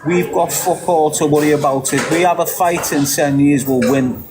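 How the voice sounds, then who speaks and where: A man from England with a Scouse accent, delivering a heated, sweary, opinionated rant that repeats its points forcefully. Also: on the high side, normal speed, noisy background. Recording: loud crowd behind the voice.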